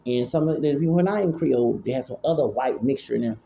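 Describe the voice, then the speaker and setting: A man's voice: mid-range voice, quick pace, vocal fry, dark tone, a little hiss or hum. A man, talking in rambling casual commentary, often repeating and stammering. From Houston, Texas. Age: 40s. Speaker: vlogger.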